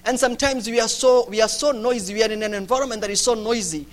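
High-voiced preacher, dynamic. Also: male voice, fast talker. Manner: dynamic, swings from loud urgency to hushed quiet. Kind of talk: sermon.

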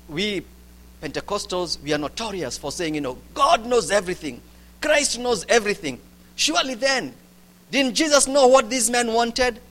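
A man delivers a sermon. He moves between loud, urgent stretches and quiet, hushed ones. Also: high voice. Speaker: preacher.

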